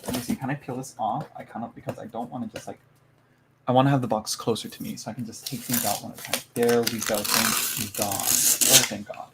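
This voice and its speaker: A man's voice: medium pitch, steady tone, brisk, very noisy. A man chatting casually to live viewers as he unboxes a tarot haul, rambling with many fillers and small asides.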